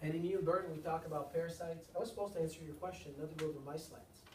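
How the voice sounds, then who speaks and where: A man's voice: a little high, steady tone, quick pace, a little mellow, slight background noise. A man, a chiropractor, giving a seminar to a live audience, speaking emphatically with repeated lines and rhetorical questions. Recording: echoey room, mic far off.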